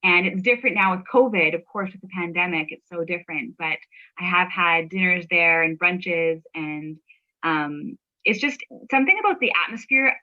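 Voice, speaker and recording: A woman hosting a casual podcast chat with a friend, agreeable and quick to affirm. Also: on the low side. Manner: warm, agreeable, lots of affirming yeahs. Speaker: podcast host. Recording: dull lo-fi audio.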